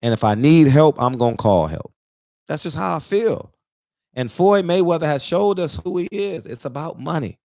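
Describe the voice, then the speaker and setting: A man's voice: a little high, lively intonation, normal speed, mellow, dry recording, clean studio sound. A man in his forties, emotional and near tears, delivering an emphatic, preachy casual monologue that repeats points for emphasis. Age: 40s. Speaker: barbershop talk show regular.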